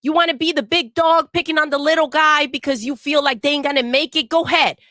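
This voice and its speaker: Woman co-host, fiery and profane rant, slightly high voice, dry close sound. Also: steady tone, fast talker, pushed and bright, dry recording. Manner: heated, profane ranting. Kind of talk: casual livestream rant.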